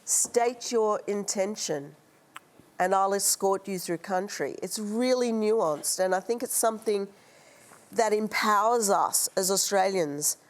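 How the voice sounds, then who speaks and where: A woman's voice: medium pitch, unhurried. Earnest woman on a panel. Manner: earnest, heartfelt. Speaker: panel guest. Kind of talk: panel discussion.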